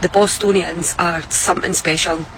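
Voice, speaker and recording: Scottish woman gushing thanks, pretty flat tone, keeps restarting. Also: lowish voice, normal speed, a little hiss or hum, low-quality recording. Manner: earnest and effusive, with frequent restarts. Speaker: visitor giving a thank-you message. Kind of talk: heartfelt video message.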